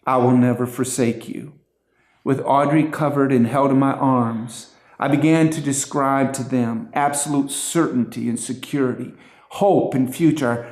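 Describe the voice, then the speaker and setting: A man's voice: medium pitch, a little mellow. A middle-aged man earnestly telling an emotional family story as a personal testimony. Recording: roomy echo.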